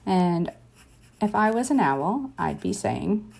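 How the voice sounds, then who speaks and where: A woman's voice: fairly low pitch, big pitch swings, slow, gravelly, a little mellow. A woman leading a casual drawing tutorial, chatting and encouraging as she sketches and thinks aloud. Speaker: drawing teacher.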